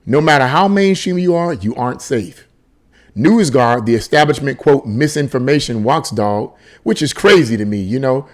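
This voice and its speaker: A man's voice: medium pitch, lively intonation, normal speed. A man reading a news article aloud and breaking off into sarcastic commentary, often restarting and repeating words. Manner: reads aloud, then breaks off into sarcastic, repetitive asides; frequent restarts and stammered repeats.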